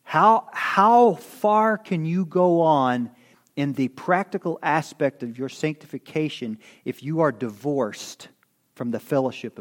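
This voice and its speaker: A middle-aged man delivering an expository sermon, his voice sitting a touch high for a man. He talks to the congregation casually, often pausing to ask "okay?" and restarting his sentences as he works through the text. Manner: conversational, self-correcting, asks the congregation "okay?". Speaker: pastor.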